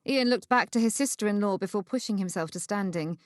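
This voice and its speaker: A woman reading a historical romance novel in an even, measured narration. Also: mid-range voice, no echo, studio quality. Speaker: audiobook narrator. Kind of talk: scripted narration.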